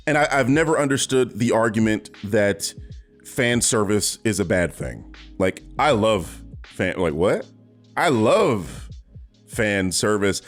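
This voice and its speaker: A young man giving casual, animated movie commentary, talking freely with lots of fillers and swearing. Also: on the low side, measured pace, faint music behind. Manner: animated, profane, chatty with many fillers.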